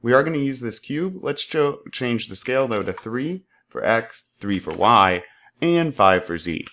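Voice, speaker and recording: A man walking through a software tutorial, upbeat and playful, making little sound effects as he works. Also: mid-range voice, animated, unhurried. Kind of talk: screen-recorded tutorial.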